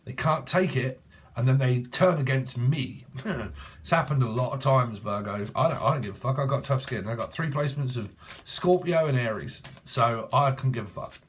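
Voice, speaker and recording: A man's voice: medium pitch, moderate pace, a little hiss or hum. A man, giving a casual online tarot reading in a blunt, profane way and laughing often. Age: 40s. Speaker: tarot reader.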